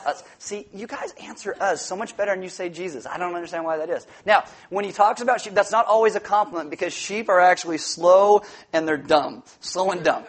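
A man's voice: high-pitched, brisk, hardly any pauses. A male pastor giving a playful, jokey sermon in a church, bringing volunteers up and joking with the congregation. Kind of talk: sermon with audience interaction. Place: church sanctuary.

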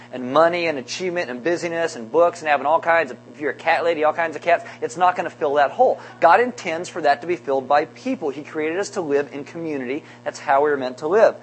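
A man's voice: on the high side, a little hiss or hum, poor audio. A man preaching a sermon to a congregation, conversational and wry, with joking asides between points. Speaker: pastor. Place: church sanctuary.

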